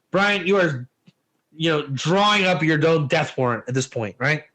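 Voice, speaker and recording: A man teaching a Torah lesson in an informal, animated way, telling stories and asking rhetorical questions. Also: fairly high pitch, moderate pace, low-quality recording.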